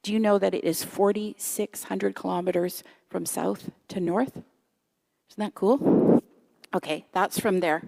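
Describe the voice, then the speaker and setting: A woman's voice: medium pitch, fairly even intonation, moderate pace, gravelly, few pauses, a little mellow. A woman in her fifties giving a conversational sermon in a church, chatty and self-deprecating, often asking the audience questions. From Canada. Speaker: guest speaker. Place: church sanctuary.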